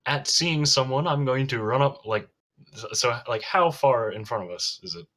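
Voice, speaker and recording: A man's voice: medium pitch, normal speed, fairly bright tone. A man playing a tabletop game, talking hesitantly with many "like"s. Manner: hesitant, full of "like". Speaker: player. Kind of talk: casual tabletop game chat.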